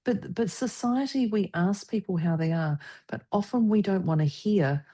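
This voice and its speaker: A woman co-hosting a podcast in casual conversation, animated and acting out other people's lines. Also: medium pitch, moderate pace. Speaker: podcast co-host.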